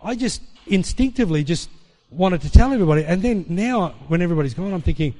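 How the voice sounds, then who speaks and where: A man preaching, telling a personal testimony as an animated storyteller who acts out the dialogue. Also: high-pitched, fast talker.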